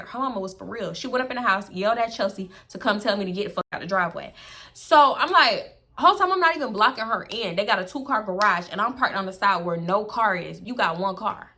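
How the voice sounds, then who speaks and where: Young woman vlogger, bright and forceful voice, animated storyteller. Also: fairly high pitch, quick pace. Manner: animated, sassy, acts out the characters in the story. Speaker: storyteller, channel host. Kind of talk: casual storytime vlog.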